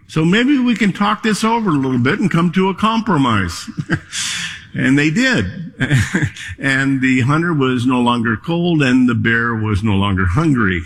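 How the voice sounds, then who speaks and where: Slow, husky-voiced male preacher. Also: mid-range voice, a bit bright. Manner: measured, emphatic preaching. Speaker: pastor. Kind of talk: sermon. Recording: long hall reverb.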